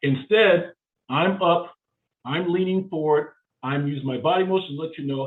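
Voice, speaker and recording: A man giving a live career seminar in an energetic, emphatic way, driving points home with short repeated phrases. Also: a little high, moderate pace. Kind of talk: motivational seminar talk. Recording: phone-like narrow band.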